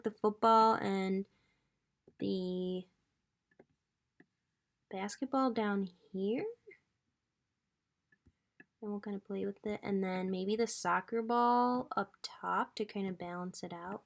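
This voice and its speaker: A woman's voice: medium pitch, fairly even intonation, slow pace, creaky, pauses often. A woman in her twenties hosting a casual crafting tutorial, chatty and thinking aloud as she works. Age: 20s. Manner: chatty, gushing, talks to viewers as "guys".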